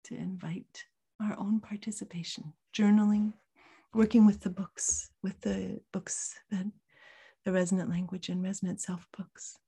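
A woman teaching a workshop, answering questions gently and reflectively, often dropping into a soft whisper. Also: mid-range voice, little pitch movement, measured pace, breathy edge.

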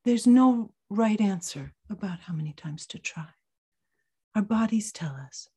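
Woman workshop teacher; gentle, reflective, often whispering; warm, mellow tone. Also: mid-range voice, animated, a little slow, breathy edge. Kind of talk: answering questions in a live teaching session.

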